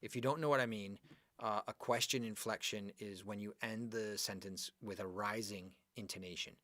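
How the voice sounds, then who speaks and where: Male teacher for a live online class. Fairly low voice, chatty and animated, dry close recording. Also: normal speed, no echo. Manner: chatty, animated, talks to students by name. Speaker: English teacher. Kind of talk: live online grammar lesson.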